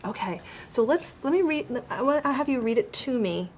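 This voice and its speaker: A woman teacher gently coaching a child one-on-one on his writing, explaining step by step and encouraging him. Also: high-pitched, animated, moderate pace, slight background noise.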